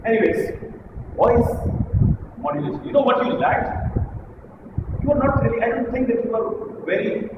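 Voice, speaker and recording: A man with a fairly high voice gives teasing, animated feedback to a speaker in front of a small audience. He sounds far from the mic in a long-ringing meeting room. A loud background hiss and passing traffic come through. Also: normal speed, pauses often, narrow, tinny audio. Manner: animated, playful, teasing, demonstrative. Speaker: speech evaluator at a public speaking club. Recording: echoey distant room recording with loud ambient hiss.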